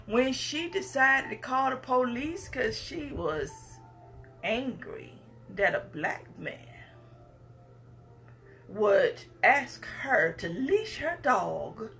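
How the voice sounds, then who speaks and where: A woman's voice: a little high, sing-song, extremely slow, gravelly, a bit bright, faint music behind. A woman, giving an impassioned speech with emphatic, repetitive phrasing. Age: 50s. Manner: emphatic, repetitive, preacher-like cadence. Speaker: speaker addressing the public.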